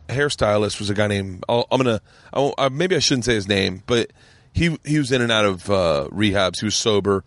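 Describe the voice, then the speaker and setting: A man's voice: medium pitch, no room sound. A man hosting a podcast in casual chat, telling stories animatedly, acting out quotes and swearing freely. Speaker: podcast host.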